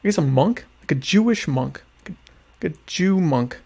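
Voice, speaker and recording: Gravelly deadpan man chatting over dinner. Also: on the high side, moderate pace. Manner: deadpan, ironic, rambling with many restarts; talks while eating dinner. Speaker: podcast host. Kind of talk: casual solo chat answering listener questions.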